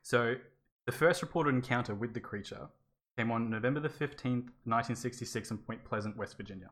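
A woman's voice: rumbling low, a little fast. A woman co-hosting a podcast, telling a spooky story in casual chat, swearing freely and laughing often. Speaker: podcast co-host.

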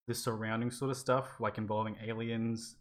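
Woman, very low voice, casual podcast storytelling, swearing, laughing. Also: little pitch movement, normal speed. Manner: swears freely, laughs often. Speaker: podcast co-host.

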